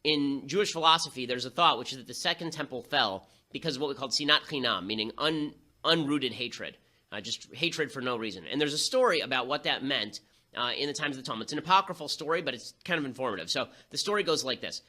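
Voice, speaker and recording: A man hosting a show, delivering a rapid-fire, sarcastic political commentary monologue with quick asides. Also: medium pitch, animated, bright, forceful tone. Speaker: host.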